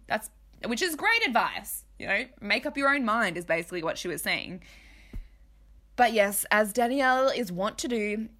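A woman's voice: fairly low pitch, fairly bright tone. A woman hosting a chatty podcast, gossiping about reality TV, swearing and laughing often. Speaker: podcast host recapping reality TV. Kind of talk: casual chat.

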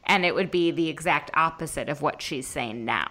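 A woman's voice: sits low, normal speed, bright, forceful tone. A woman in casual conversation as a podcast co-host, opinionated and firing off incredulous questions. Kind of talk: casual chat.

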